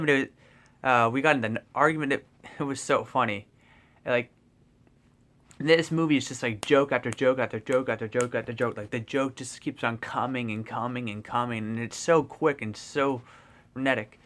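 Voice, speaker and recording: A young man vlogging a casual spoiler review of a movie, rambling and excitable, full of fillers and restarts, swearing casually. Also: mid-range voice, normal speed.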